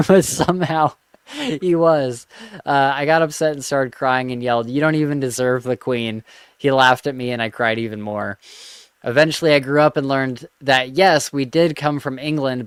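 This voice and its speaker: A man's voice: mid-range voice, clear, resonant tone, no room sound. A man hosting a podcast, casually chatting and reading a listener's story aloud with an amused tone. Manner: amused, laughs between lines. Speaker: podcast host.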